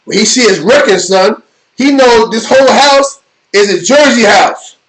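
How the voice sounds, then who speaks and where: A middle-aged man tells a long jail story on his live stream. His voice sits high for a man, and he rambles with loose street slang, often checking in with "you know what I mean." He sounds relaxed and unscripted. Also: measured pace, a little hiss or hum, poor audio. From New York. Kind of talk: casual storytelling.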